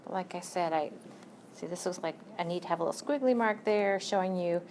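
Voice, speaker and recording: A woman's voice: on the low side, a little fast, a little mellow, slight background noise. A woman teaching chemistry in a recorded lecture, chatty and self-correcting, with joking asides to her students. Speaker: chemistry instructor.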